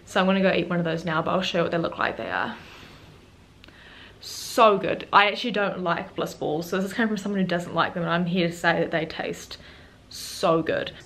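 A teenage girl vlogging casually, chatty and quick, turning earnest and close to tears as she speaks her mind. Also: on the low side, fairly even intonation, fairly bright tone. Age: teens. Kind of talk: casual day-in-the-life vlog and rant.

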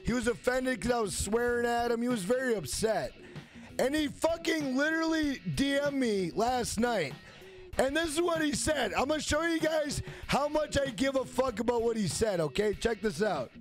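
A man in his thirties livestreaming in casual chat, brash and profane, shouting out greetings to viewers. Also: very high voice, lively intonation, normal speed, faint music behind. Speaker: gaming livestreamer.

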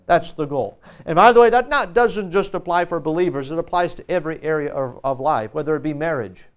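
An American man in the role of pastor, reading scripture slowly and then preaching a sermon with frequent fillers and restarts. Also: a little high.

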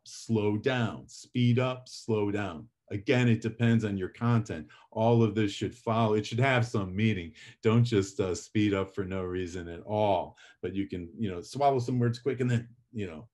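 Man lecturing a class, lowish voice, animated delivery, middle-aged, playful demos of volume and pace. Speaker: public speaking instructor.

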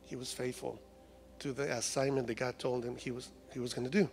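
A man's voice: mid-range voice, little pitch movement, fast, darkish tone, long reverb tail, faint music behind. A man from Mexico with a Mexican Spanish accent, preaching a humorous sermon in a church. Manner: humorous, acts out voices of complaining people. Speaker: guest preacher. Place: church sanctuary.

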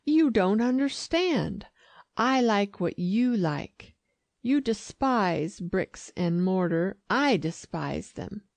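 An eager young society wife, put on by a woman reading aloud, pleading in a lifted voice with a gravelly edge. The delivery is slow and close, with a dry sound. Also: big pitch swings, no echo. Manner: pleading, high-pitched eager lines. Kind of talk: audiobook reading.

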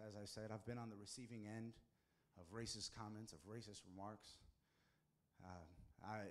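A man from the United States, a pastor, preaching a sermon in a storytelling way and pushing his voice higher and louder for emphasis.

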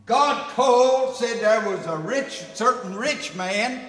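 A man preaching a sermon, folksy, loud and emphatic, swinging from shouts to low storytelling. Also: expressive, takes it slowly. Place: church sanctuary. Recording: long church reverb.

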